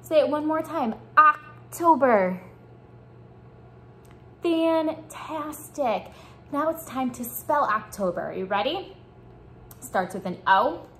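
A woman teaching young children a morning lesson, speaking slowly and encouraging them to repeat after her. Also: sits high, a little hiss or hum. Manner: slow, encouraging call-and-response teaching. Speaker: preschool teacher.

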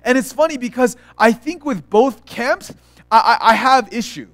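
High-voiced young pastor telling stories. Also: male voice, normal speed, fairly bright tone, no room sound. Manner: casual, storytelling with acted quotes and many restarts. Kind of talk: sermon.

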